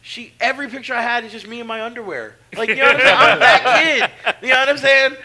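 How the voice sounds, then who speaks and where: A Brooklyn pro wrestler tells profane stories on a casual podcast, animatedly acting out the voices of the people involved. His voice is extremely high-pitched and his pace quick. The audio quality is poor.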